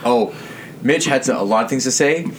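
A man's voice: mid-range voice, moderate pace. A man hosting a podcast and chatting casually with friends, telling rambling stories and laughing often. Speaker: podcast host. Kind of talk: casual chat among friends. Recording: faint background noise.

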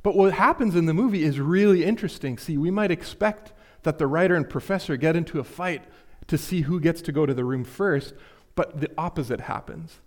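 A man's voice: fairly high pitch, brisk. A man preaching a sermon, earnest and questioning, speaking straight to his listeners. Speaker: pastor.

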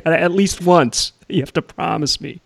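A man's voice: fairly high pitch, normal speed, gravelly, no echo. A man hosting a casual radio chat, rambling and hesitant, laughing easily. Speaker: radio host.

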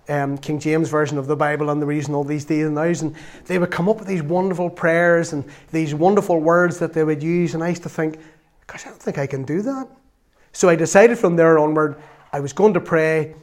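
Man preaching a casual sermon. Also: on the high side. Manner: conversational and self-deprecating, reads scripture slowly and loudly. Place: church.

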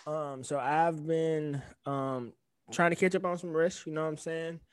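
A young man co-hosting a podcast, ranting in animated, profane casual chat. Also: fairly high pitch, a little slow, a little hiss or hum. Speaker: podcast co-host.

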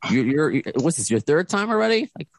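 A man's voice: a little high, big pitch swings, brisk, a little hiss or hum. A man hosting a podcast over a video call, chatting casually and rambling with restarts. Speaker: podcast host. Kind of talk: casual chat.

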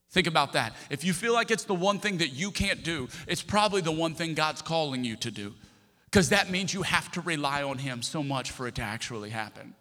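A man preaching, telling a personal story in an animated, self-interrupting way and joking with the congregation. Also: fairly high pitch, brisk. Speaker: pastor. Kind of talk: sermon storytelling. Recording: reverberant hall.

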